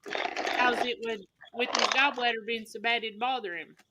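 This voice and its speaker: A woman's voice: a little high, fairly even intonation, moderate pace, heavy background noise. A woman, chatting casually with family and laughing often as she tells stories. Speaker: host.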